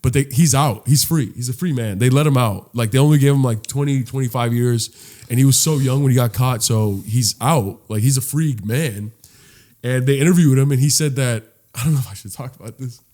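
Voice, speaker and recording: A man's voice: mid-range voice, fairly quick, a little mellow. A young man from the US co-hosting a casual comedy podcast, rambling through bits and laughing often. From United States. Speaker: podcast co-host.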